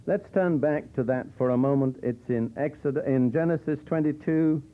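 A man's voice: mid-range voice, moderate pace. A man teaching from the Bible in a conversational sermon style with dry humor, explaining verses as he goes. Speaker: preacher. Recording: tinny phone-like old tape.

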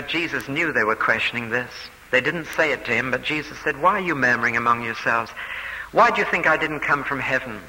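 A man's voice: medium pitch, bright, forceful tone, in a large hall, slight background noise, poor audio. A man preaching a sermon, explaining a passage step by step with emphatic repetition and quoted speech.

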